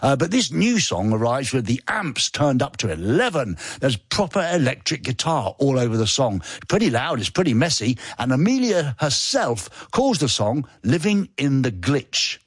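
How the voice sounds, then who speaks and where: A man's voice: medium pitch, sing-song, moderate pace, hardly any pauses, slightly rough, no echo, clean studio sound. A male radio host, chatting and teasing his co-host on a live show. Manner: playful, teasing, sing-song jokes. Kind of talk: casual live radio banter.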